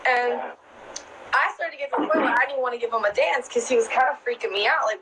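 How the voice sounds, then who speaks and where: Swearing, laughing and leaning heavily on "like," a young club dancer shares casual stories at a quick pace. Her voice is fairly high with a sharp tone. The audio is poor, with a little hiss or hum.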